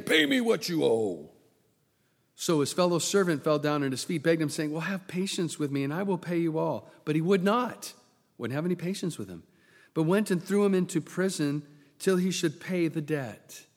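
A man preaching a sermon, swinging from loud bursts to hushed near-whispers and acting out the voices in his story. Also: a little high. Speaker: pastor. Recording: long hall reverb.

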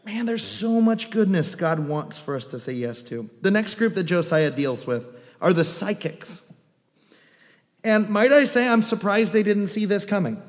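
A male pastor delivers a sermon with a fairly high voice, animated and playful, dropping wry asides between points. The sound carries the long reverb of a large hall. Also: moderate pace. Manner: animated, joking asides and acted quotes.

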